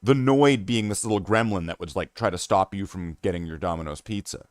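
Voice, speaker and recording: A man from Canada talks through his hobby stream in a loose, rambling way, full of fillers and restarts, and pokes fun at himself as he goes. His voice sits low. The sound is dry and close, with no room around it. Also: fairly quick, no echo. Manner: rambling, self-mocking, many fillers and restarts. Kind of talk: casual live-stream chat.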